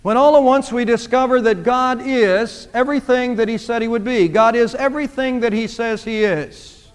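A man's voice: extremely high pitch, moderate pace, smooth. A man preaching a sermon, speaking emphatically and repeating phrases for emphasis. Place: church sanctuary. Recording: long church reverb.

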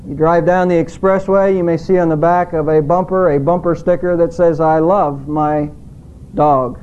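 A middle-aged male pastor preaching a sermon in a measured way, slowing down when he quotes scripture. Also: high-pitched, flat delivery, mellow, lo-fi sound, a little hiss or hum.

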